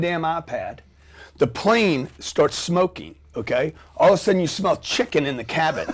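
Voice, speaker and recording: A middle-aged man spins a story as a guest, lively and profane, jumping into quoted voices and sound effects. His voice sits in a middle pitch and never settles flat. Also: a little fast. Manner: animated, profane, acts out scenes with sound effects. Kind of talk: storytelling in a podcast interview.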